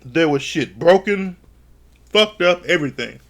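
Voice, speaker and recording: A man recapping a reality show episode in a casual, animated way, swearing often and acting out quotes. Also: fairly high pitch, unhurried. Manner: animated, swears a lot, quotes people in jumpy voices.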